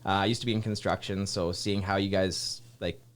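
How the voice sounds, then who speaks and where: Guy soldier, lowish voice, rambles and acts out what people said. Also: level tone, brisk. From Saskatchewan, Canada. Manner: rambling, filler-heavy, acts out quotes. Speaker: soldier guest. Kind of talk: casual interview chat.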